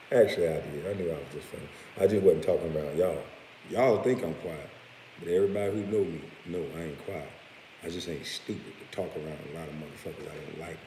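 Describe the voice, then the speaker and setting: Deep-voiced man ranting bluntly. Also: mellow. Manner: blunt and profane, with laughing asides. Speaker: vlogger. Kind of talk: profane rant vlog. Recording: roomy echo with faint hiss.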